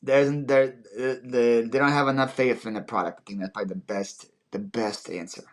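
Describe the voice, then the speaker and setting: A man hosting a casual livestream sale, playful and quick to laugh, often stammering and repeating words. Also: medium pitch, level tone. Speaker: live online seller host.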